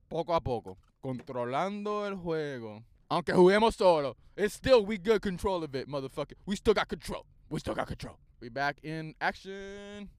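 A young man hosting a casual solo podcast. He is playful and profane, mixing English and Spanish, and swings from hyped outbursts to low mutters. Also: lively intonation, normal speed, few pauses, clean tone, dry recording. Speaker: podcast host.

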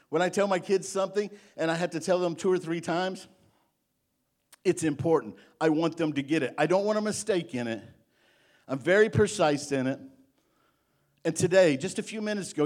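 A middle-aged man preaching a sermon, stressing each point by repeating it and reading scripture slowly. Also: a little high, darkish tone.

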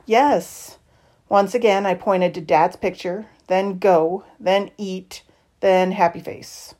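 A woman reading a novel aloud in the first person, with expressive, lively shifts in tone. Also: on the low side, takes it slowly. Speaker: audiobook reader.

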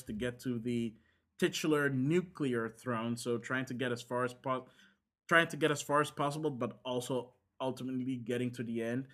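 A man, chatting casually on a podcast and rambling with lots of fillers and restarts. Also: mid-range voice. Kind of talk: casual chat about games.

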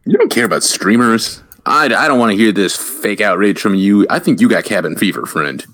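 Low-voiced man who stammers. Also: animated, a little fast, fairly bright tone. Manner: stammers, repeats words, teasing. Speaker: podcast co-host. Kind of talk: casual podcast banter.

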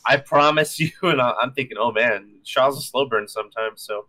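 A man's voice: mid-range voice, moderate pace. A man co-hosting a casual comic book chat, recapping the issue and acting out the characters' lines. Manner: animated, acts out characters' lines while recapping. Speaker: comic book podcast co-host.

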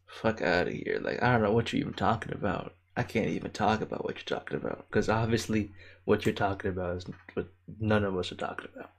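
A man's voice: lowish voice, quick pace, vocal fry. A young man hosting a casual livestream, talking loosely with slang and swearing, laughing often and reading viewer comments aloud with affection. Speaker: livestream host.

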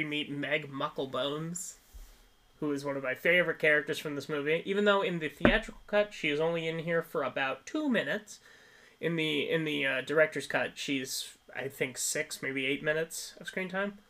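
A man co-hosting a podcast, recapping a film in casual chat, animated and laughing often. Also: fairly high pitch. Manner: animated storytelling with frequent laughs. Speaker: podcast co-host.

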